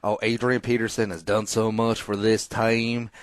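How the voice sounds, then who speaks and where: A man voicing a crude male Vikings fan with an exaggerated put-on Southern US drawl and a loud, sneering delivery. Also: on the low side, level tone, moderate pace, no room sound, studio quality, pitched above the performer's own voice, close to an everyday voice. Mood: whining.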